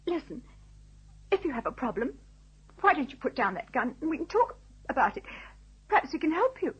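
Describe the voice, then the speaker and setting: Shaky stammering young wife, high lively voice, muffled old radio. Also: female voice, fairly quick. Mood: shaken. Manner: tremulous, stammering. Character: shaken young housewife. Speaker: radio drama actress. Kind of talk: vintage radio drama acting. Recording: dull lo-fi old radio recording.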